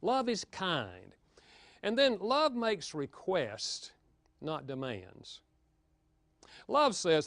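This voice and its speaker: A man giving a lively, humorous marriage seminar talk, joking with his audience. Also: sits high, extremely slow, pauses often, no room sound, studio quality. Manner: animated, playful, jokes with the audience.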